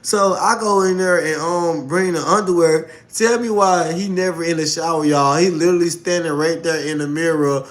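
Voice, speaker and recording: A young man streaming live, telling a story in an animated way and calling out to his audience, with laughs and exclamations. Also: fairly high pitch, normal speed, few pauses. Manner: excitable, keeps calling out to the audience.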